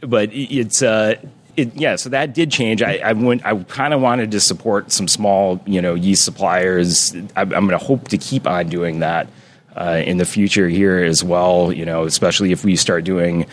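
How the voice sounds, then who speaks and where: Very low-voiced rambling brewer man. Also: steady tone, normal speed, slight background noise. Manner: rambling, self-correcting, explains brewing at length. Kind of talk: casual podcast chat.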